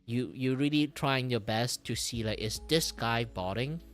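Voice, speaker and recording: A man streaming while he draws, talking in a rambling, animated way, swearing, laughing and breaking into loud outbursts. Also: mid-range voice, measured pace, soft background music. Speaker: streamer and artist. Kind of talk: casual live-stream chat while drawing.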